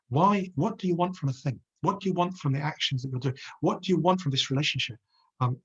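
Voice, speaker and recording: A man teaching a live religious lesson, his voice sitting a little high and carrying a husky edge. He talks earnestly and keeps turning to his listeners with questions. The sound is dull and lo-fi, like a home livestream. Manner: earnest, poses many rhetorical questions.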